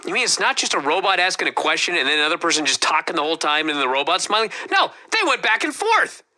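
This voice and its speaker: A man's voice: on the high side, very animated, fast, pushed and bright. A man co-hosting a wrestling review show, talking in a casual, profane, ranting way. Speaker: podcast co-host.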